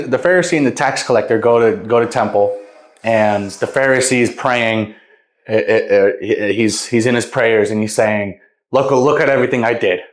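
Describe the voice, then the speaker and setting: A man's voice: mid-range voice, echoey room. A young man casually retelling a Bible parable, rambling and repeating words as he goes. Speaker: vlogger.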